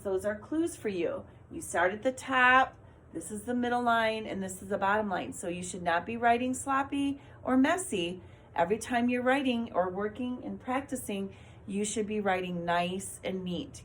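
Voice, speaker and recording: A woman's voice: mid-range voice, a little hiss or hum. Patient woman teaching young children. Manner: slow, clear, encouraging teacher talk. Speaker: kindergarten teacher. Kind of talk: recorded video lesson for young children.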